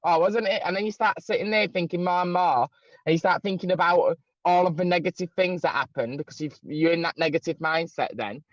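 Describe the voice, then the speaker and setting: A man's voice: fairly high pitch, a little fast, no room sound. A man in casual chat who talks with animation, swearing and mimicking others in a raised voice. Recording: dry, dull lo-fi sound.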